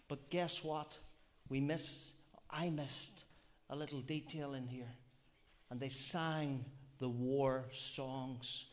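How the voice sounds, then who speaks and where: A man preaching a sermon, earnest and reflective, often repeating phrases and asking rhetorical questions. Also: a little high. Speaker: lay preacher.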